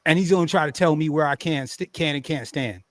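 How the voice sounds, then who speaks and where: A man casually telling a profane story on a podcast, animated and acting out quotes loudly. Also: fairly high pitch, a little fast, no room sound. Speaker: podcast host.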